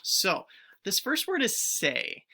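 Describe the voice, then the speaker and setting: A woman teacher giving a recorded phonics lesson to young pupils, stretching out each word sound clearly and encouraging the children to join in. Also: medium pitch, huge pitch swings, slow pace, pushed and bright. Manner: encouraging, speaks directly to children.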